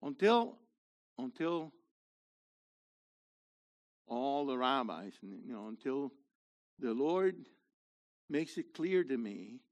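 A man's voice: mid-range voice, big pitch swings, slow, long pauses, lo-fi sound. A man leading his congregation in a sermon, asking them questions and building to emphatic, rhetorical peaks. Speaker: messianic congregation leader.

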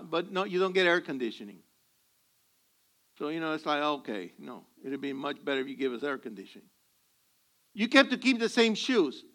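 With a high, sharp voice, a male preacher entertains his congregation during a sermon. He relates humorous tales and voices the exchanges within them.

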